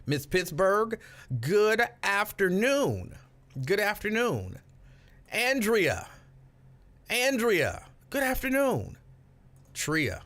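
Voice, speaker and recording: A man's voice: a little high, sing-song, slow pace, long pauses, fairly bright tone. A man hosting a casual afternoon live stream, greeting viewers by name, reading out their comments and joking about himself. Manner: playful, joking self-mockery. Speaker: host.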